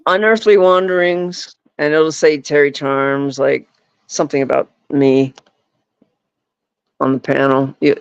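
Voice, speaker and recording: A man's voice: a little high, steady tone, unhurried, vocal fry, clean tone, no echo. A man in casual chat as a podcast guest who rambles and fills his talk with "like" and "you know". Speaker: podcast guest, paranormal investigator. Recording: dull, lo-fi, dry.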